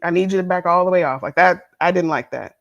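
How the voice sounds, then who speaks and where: A woman's voice: on the low side, fast talker, highs cut off. A woman co-hosting a podcast, chatting casually about a reality show, laughing often and acting out the people she quotes. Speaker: podcast co-host. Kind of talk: casual reality TV review chat.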